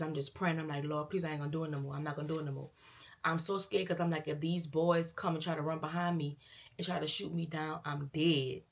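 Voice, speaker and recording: A woman's voice: sits low, gravelly. A young woman tells a dramatic personal story in a casual storytime vlog, acting out the quoted dialogue and talking straight to her viewers. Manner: animated retelling with quoted dialogue, addresses viewers as girl and y'all. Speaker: vlogger telling a story.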